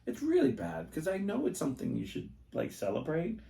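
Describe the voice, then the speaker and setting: A man hosting a casual podcast chat, telling animated stories and acting out the voices of the people he quotes. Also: on the high side, fairly quick, creaky, recorded from a distance. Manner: animated storyteller who acts out quoted voices. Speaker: podcast host. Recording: roomy echo.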